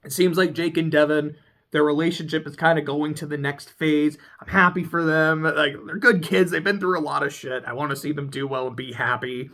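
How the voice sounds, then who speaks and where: A speaker casually recapping a TV episode, excitable and profane, laughing often. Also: mid-range voice, brisk. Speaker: TV show reviewer.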